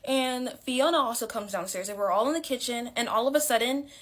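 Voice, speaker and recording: A woman's voice: fairly high pitch, brisk, fairly bright tone. A young woman telling a story casually, chatty with lots of fillers and dramatic swings in her voice.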